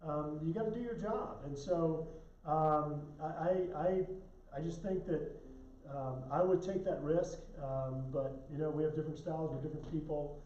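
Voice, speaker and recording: A man's voice: on the high side, normal speed, mellow, slight background noise. A man, an elected official answering viewer questions in a live-stream Q&A, talking bluntly and emphatically and often restarting his sentences. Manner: blunt, emphatic, self-correcting. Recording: roomy, slightly dull audio.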